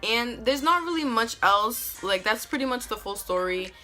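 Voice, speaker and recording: A woman telling a storytime vlog in an animated, profane, slangy way. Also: on the high side, moderate pace, faint music behind. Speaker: vlogger.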